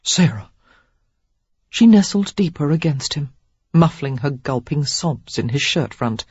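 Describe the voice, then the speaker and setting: A woman narrating a romance audiobook, measured and expressive. Her voice is husky and her pitch rises and falls widely. The recording sounds dull and dry. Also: no echo. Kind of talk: scripted narration.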